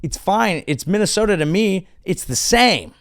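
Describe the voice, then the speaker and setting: Casting: male comedy host, sarcastic ranting monologue, a bit high, gravelly fry. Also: normal speed, no room sound, studio quality. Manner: sarcastic, animated, profane ranting.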